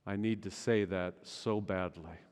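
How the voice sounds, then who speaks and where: A middle-aged male pastor preaching a sermon, swinging between loud urgency and hushed intensity. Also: low voice, steady tone, measured pace, clean tone. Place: large church sanctuary. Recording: long church hall reverb.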